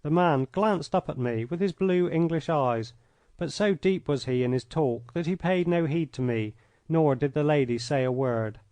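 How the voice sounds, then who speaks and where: A man reading an old adventure story aloud in the first person, measured and expressive, close to a studio mic. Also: a little high, no echo. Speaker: audiobook narrator.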